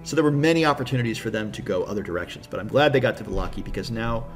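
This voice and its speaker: A man's voice: mid-range voice, animated, racing, soft background music. Enthusiastic man recapping a tabletop campaign. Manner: enthusiastic, rambling with fillers. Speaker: game master.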